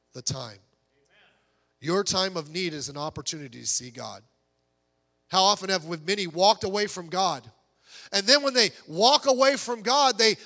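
A man preaching a sermon as pastor, swinging from soft low asides to raised, pleading urgency. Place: church sanctuary. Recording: church hall reverb.

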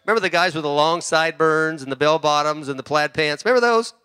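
A middle-aged man preaching a sermon as pastor, swinging between loud emphasis and quiet asides and often repeating words. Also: a little high, quick pace, clear, resonant tone, no room sound, clean studio sound.

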